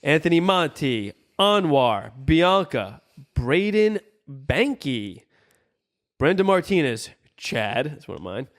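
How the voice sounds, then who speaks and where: A man's voice: on the high side, big pitch swings, slow pace. A young man co-hosting a podcast in casual, jokey chat, reading out supporter names. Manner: laid-back, jokey, reads out supporter names. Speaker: podcast co-host.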